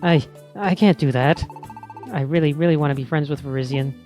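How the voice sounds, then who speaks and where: A man's voice: medium pitch, fairly even intonation, racing, warm tone, faint music behind, close to an everyday voice. A man doing a shy stammering little creature. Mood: timid. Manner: stammering, hesitant. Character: shy timid male creature, nervous.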